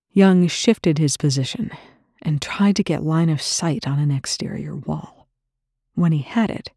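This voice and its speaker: Gravelly, mellow audiobook narrator. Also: medium pitch, no echo, studio quality. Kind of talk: scripted narration.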